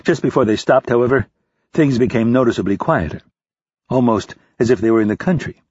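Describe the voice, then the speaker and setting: A man reading a thriller audiobook in steady, expressive scripted narration. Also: medium pitch, brisk, husky, no echo. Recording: dry, slightly dull lo-fi.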